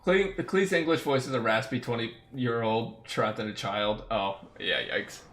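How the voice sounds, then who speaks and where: Man, game streamer, casual chat, bright voice, rambling and candid. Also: medium pitch, unhurried. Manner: candid, rambling opinions, reads chat aloud.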